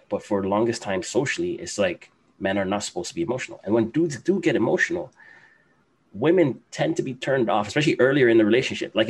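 A man's voice: lowish voice, slightly rough. A young man hosting a casual group discussion, arguing his point and often checking in with "right?". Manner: argumentative, keeps checking with "right?".

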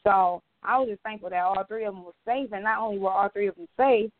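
A woman's voice: mid-range voice, quick pace, no echo. A woman co-hosting a podcast in casual chat, telling a story loosely and profanely. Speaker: podcast co-host. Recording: tinny phone-like dry sound.

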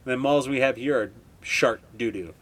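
A man's voice: medium pitch, moderate pace, fairly bright tone. A man in his twenties from Wisconsin, hosting a podcast and telling stories in a rambling, heavily profane, laid-back way. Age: 20s. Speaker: podcast host. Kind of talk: casual storytelling monologue.

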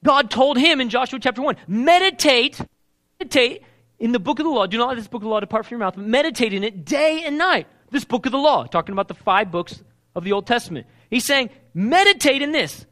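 A man's voice: very high voice, fast talker. A man preaching a sermon, asking the congregation questions and acting out the lines he quotes. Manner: animated, asks the crowd questions, acts out quoted lines.

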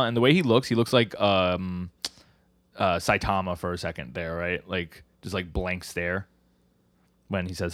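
A man casually recapping comic chapters on a podcast, full of fillers and quick acted-out character lines. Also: low-pitched, steady tone, fairly bright tone, dry recording. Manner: retells scenes, acting out character lines in quick voices; frequent fillers like "like" and "uh". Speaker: podcast co-host. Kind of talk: casual manga recap chat.

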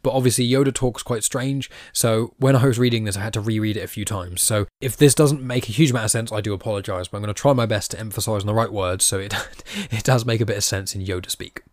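A man's voice: on the low side, fast talker, darkish tone, no room sound, clean studio sound. A man hosting a podcast, chatting casually through a comic story and reading quoted lines aloud in his own voice with a self-deprecating manner. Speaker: podcast host.

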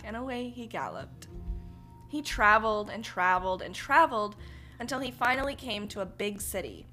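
A woman podcast host narrating an old fairy tale in an animated, dramatic storytelling manner. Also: mid-range voice. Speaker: podcast host reading folktales.

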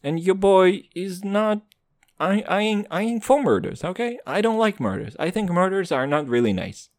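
A man doing a profane stand-up monologue in hip-hop slang, English not his first language, jumping between loud outbursts and low mutters. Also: animated, moderate pace, no echo, clean studio sound. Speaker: stand-up comedian.

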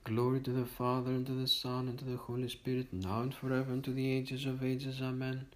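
A man reading liturgical morning prayers aloud in a steady, measured recitation. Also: medium pitch, a little hiss or hum, low-quality recording. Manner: steady monotone recitation on one note. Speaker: liturgical reader.

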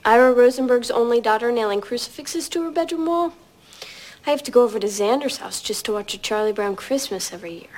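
An actress playing a quick anxious teen girl. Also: a little high, a little mellow, close to an everyday voice. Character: teenage girl worried about her father. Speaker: show clip character.

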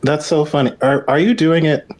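A young man co-hosting a podcast in casual chat, easygoing and quick to laugh. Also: fairly high pitch. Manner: easygoing, laughs often, lively reactions. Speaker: podcast co-host.

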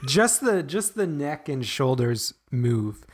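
A man in casual chat, adding quiet, dry jokey asides. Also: mid-range voice, sing-song, takes it slowly, slightly rough.

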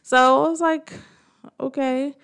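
Gravelly-voiced woman telling a story. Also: measured pace. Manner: animated storytelling, acting out quotes with pitch jumps. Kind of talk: casual chat.

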